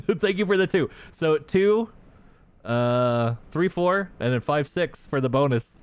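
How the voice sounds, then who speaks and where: A young man chatting on a livestream while playing a tabletop game. He swears freely and slides into animated rants. His voice sits a bit high and sounds dry and close, with no room around it. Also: measured pace, clear, resonant tone, no room sound. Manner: animated, profane ranting to chat. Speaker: streamer. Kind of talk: casual livestream chat.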